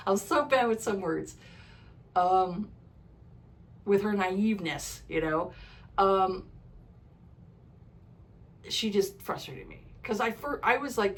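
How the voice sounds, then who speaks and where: A woman's voice: mid-range voice, a little slow, pauses often, a little hiss or hum, poor audio. A woman talking casually in a book review vlog, frank and ranting, swearing freely and using lots of "like" fillers. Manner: frequent "like" fillers.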